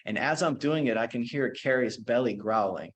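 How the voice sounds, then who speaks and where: A man, teaching as a qigong instructor, telling a story and then talking listeners through a slow guided meditation. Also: medium pitch, slight background noise. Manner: relaxed, anecdotal, slows down for meditation cues.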